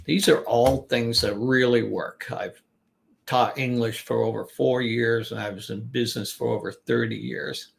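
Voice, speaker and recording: A man's voice: medium pitch, fairly even intonation, a little slow, creaky, a little hiss or hum. An older man coaching business English in a chatty talk, restarting sentences and repeating words to show their stress. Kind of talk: informal online teaching talk.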